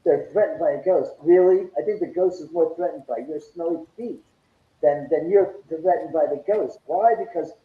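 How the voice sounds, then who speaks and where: Man, high voice, animated storyteller, acts out quotes, roomy echo, lo-fi sound. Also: moderate pace. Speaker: guest. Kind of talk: casual storytelling interview. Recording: echoey, dull lo-fi sound.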